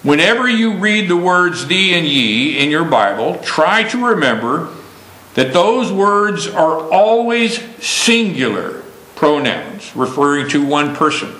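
A man preaching a sermon slowly and emphatically, stressing key words. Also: on the high side, big pitch swings, sharp tone, reverberant, rough recording.

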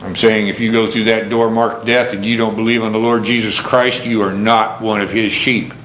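A man preaching a sermon, earnest, swinging from emphatic questions down to low, slow passages. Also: little pitch movement, a bit bright, reverberant, slight background noise, poor audio.

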